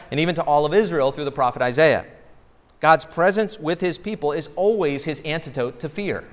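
Earnest pastor preaching in a reverberant hall. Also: male voice, fairly high pitch. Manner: earnest, repeats words when starting a thought; slows down on key phrases for emphasis. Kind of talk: sermon.

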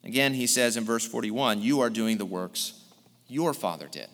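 Man, pastor, earnest sermon delivery, mid-pitched voice, long reverb from the hall. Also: normal speed, a bit bright. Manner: earnest, explanatory preaching with verse-by-verse reading.

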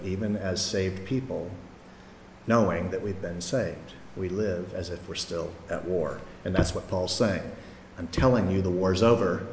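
A man's voice: fairly low pitch, a little hiss or hum. A middle-aged man giving a sermon as pastor, earnest and conversational, with some restarts. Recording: echoey hall, faint ambience.

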